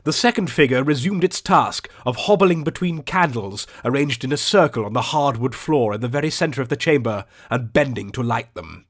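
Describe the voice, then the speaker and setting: A man reading an audiobook aloud in a measured, dramatic, atmospheric narrating style. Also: medium pitch, animated. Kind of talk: scripted storybook narration.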